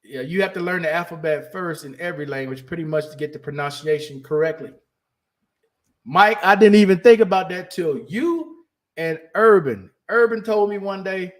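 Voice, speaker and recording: A man holds forth on his podcast in a casual, candid monologue, leaning on emphasis and circling back over his own phrases. His voice sits a little higher than most men's. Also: moderate pace. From United States. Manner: candid, emphatic, repeats himself while searching for words. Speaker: podcast host.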